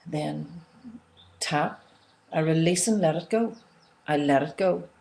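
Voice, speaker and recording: A woman coaching listeners through an emotional tapping exercise, often checking in with "okay?" and leading them in slow breathing and softly repeated release phrases. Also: sits low, vocal fry. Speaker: self-help coach. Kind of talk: guided instructional talk on emotional tapping.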